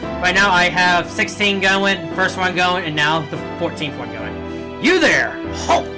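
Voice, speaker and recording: A man chatting casually while live-streaming a game, rambling and excitable, with game music clearly behind. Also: high voice, moderate pace.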